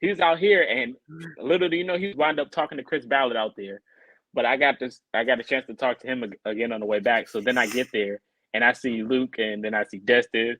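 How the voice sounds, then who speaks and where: Here a male podcast co-host chats casually through a long tale, bringing quoted people to life with animated voices. He speaks at medium pitch and a fairly quick clip, captured in a rough recording without echo.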